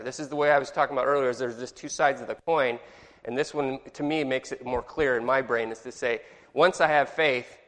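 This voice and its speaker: A man's voice: medium pitch, a bit bright. A man teaching a Sunday school class, chatty and joking, asking the group questions. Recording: long reverb in a hall.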